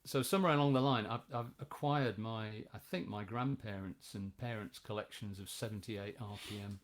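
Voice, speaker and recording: A man, a songwriter guest in a studio, chatting in a relaxed, hesitant way with many fillers. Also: lowish voice, normal speed. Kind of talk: casual interview chat.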